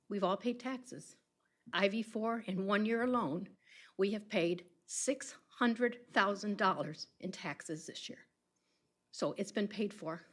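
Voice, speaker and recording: A woman's voice: medium pitch, a bit bright. A woman resident speaking at a county meeting's public comment, earnest and plainspoken.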